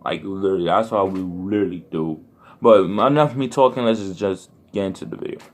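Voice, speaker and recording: A man's voice: low voice, brisk. A young man hosting his own reaction channel, chatting to viewers in a rambling, slangy way with many restarts. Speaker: YouTube reaction host. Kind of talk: casual chat to viewers.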